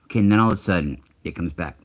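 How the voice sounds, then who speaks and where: A middle-aged man with an extremely low, rumbling voice tells a long personal story in a loose, conversational way. He swears freely, doubles back on himself and restarts his sentences as he goes. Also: racing. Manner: rambling, profane, self-interrupting. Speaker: channel host. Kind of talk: casual storytelling.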